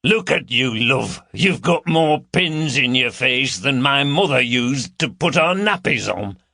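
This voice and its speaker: Man doing a gruff, crude Yorkshire heavy. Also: medium pitch, lively intonation, a little slow, sharp tone, no room sound, studio quality, voice pushed up, exaggerated voice. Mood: mocking, blunt. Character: bulky, crude, mocking middle-aged man.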